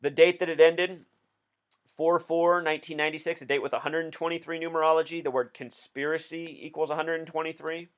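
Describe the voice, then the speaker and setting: A man's voice: a little high, flat delivery, brisk, clear, resonant tone. A man hosting a video, talking through a casual commentary in an insistent, explanatory way. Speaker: video host.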